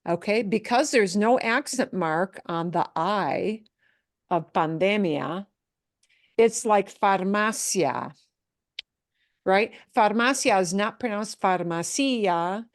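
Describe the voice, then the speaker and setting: A woman's voice: medium pitch, slow, dry recording, clean studio sound. A woman teaching a Spanish class, switching between Spanish and English and patiently explaining how words are stressed. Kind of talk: online language class.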